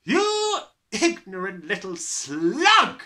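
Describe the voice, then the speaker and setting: A man voicing a huge, furious bullying headmistress in a storybook, spitting out slow, bellowed insults. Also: high voice, wildly swooping pitch, sharp tone, pitched above the performer's own voice, full character voice. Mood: bellowing rage.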